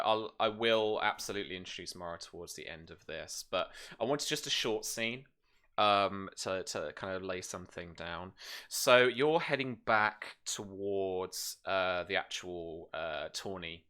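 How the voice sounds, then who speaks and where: A man's voice: low voice, lively intonation, normal speed, sharp tone, smooth. A man narrating as game master, describing scenes in loose speech with many fillers and restarts.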